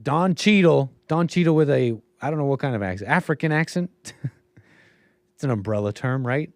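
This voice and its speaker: A man's voice: medium pitch, moderate pace, no echo, studio quality. Rambling man hosting a livestream. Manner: rambling, musing, trails off mid-thought. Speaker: show host. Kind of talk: livestream commentary.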